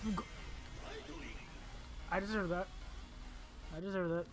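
A man commentating his own game playthrough, exasperated and swearing, muttering to himself between loud outbursts at a desk microphone. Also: high voice, steady tone, a little slow, long pauses, soft background music. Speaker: gaming channel host. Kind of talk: casual let's play commentary. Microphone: desk microphone by a laptop.

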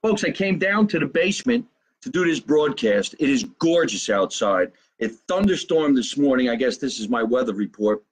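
Brash New Jersey comedian chatting live. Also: male voice, mid-range voice, big pitch swings, slightly rough, poor audio. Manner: brash, profane, fast-talking. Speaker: comedian hosting a live show. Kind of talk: live-stream chat, reading viewer comments. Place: home basement.

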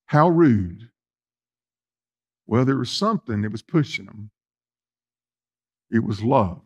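A male pastor, preaching a sermon in a folksy way, talking straight to the congregation and swinging between loud emphasis and soft asides. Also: mid-range voice, lively intonation, slow pace, breathy edge, lo-fi sound.

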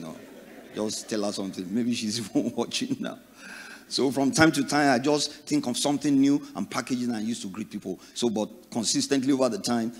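A middle-aged Nigerian man preaching a sermon, telling stories and acting out the people in them with sudden loud bursts. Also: medium pitch. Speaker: pastor. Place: church. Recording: long reverb of a church hall.

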